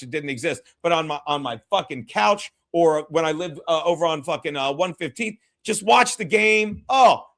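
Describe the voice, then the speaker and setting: A man's voice: high voice, fairly bright tone. A man hosting a podcast, chatting casually and bluntly, rambling and swearing often. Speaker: podcast host. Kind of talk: casual, profane chat.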